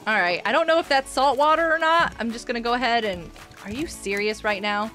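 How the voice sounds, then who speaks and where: A woman's voice: a little high, fairly quick, bright, forceful tone, faint music behind. A woman streaming a survival game, chatting playfully and scolding her teammates in mock outrage. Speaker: gaming streamer. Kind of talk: casual gameplay commentary.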